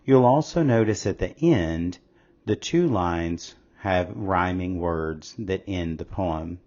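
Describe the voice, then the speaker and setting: A man narrating a scripted English lesson in a slow, measured, explanatory way. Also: deep voice, a little mellow. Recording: slightly dull lo-fi audio.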